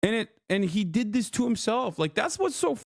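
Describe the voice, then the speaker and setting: This streamer's voice sits high, swings widely in pitch, moves a little fast, and carries some vocal fry, recorded cleanly in a studio with no echo. He's furious and cursing a lot while reacting to another creator. The whole thing plays out as an angry rant directed at his live chat.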